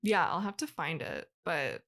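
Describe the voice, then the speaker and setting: A woman's voice: deep voice, wildly swooping pitch, normal speed, gravelly, a bit bright. A woman co-hosting a podcast, reading a ghost story in a loose, chatty way and often breaking into laughter. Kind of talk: casual podcast chat, reading a written story.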